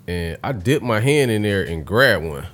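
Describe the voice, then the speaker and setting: A young man in casual podcast chat, telling stories full of swearing and breaking into loud laughter. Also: lowish voice, big pitch swings, moderate pace. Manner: profane storytelling, bursts into loud laughter.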